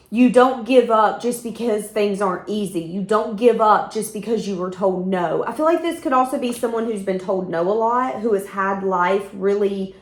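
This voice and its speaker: Candid tarot-reading woman, roomy echo. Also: a little high. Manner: candid and emphatic, with occasional swearing. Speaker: tarot reader. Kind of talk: intuitive tarot reading monologue.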